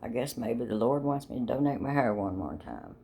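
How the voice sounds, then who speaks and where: A woman's voice: rumbling low, expressive, fairly quick, creaky, mellow, a little hiss or hum. An older woman telling a rambling personal story in a chatty, folksy way, laughing often. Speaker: vlogger.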